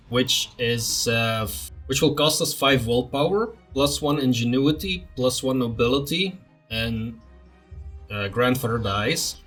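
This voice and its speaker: A let's play host reads the game's text aloud like a storybook and breaks off for blunt comments. His voice sits at a middle pitch. Faint music plays under him. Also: a bit bright. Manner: dramatic storybook reading, blunt asides. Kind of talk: reading game text aloud with casual comments.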